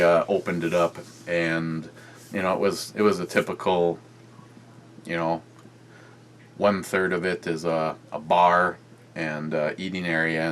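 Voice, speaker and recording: A man's voice: sits low, a bit bright, a little hiss or hum. A man chatting loosely in a home beer-review vlog, rambling with many fillers and restarts. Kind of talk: rambling casual vlog chat.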